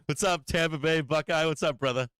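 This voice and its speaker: A man's voice: on the high side, a little fast, a bit bright, clean tone, no echo, studio quality. A man hosting a live stock market stream, commenting casually on charts, laughing often, swearing and teasing his chat. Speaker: stock market livestream host.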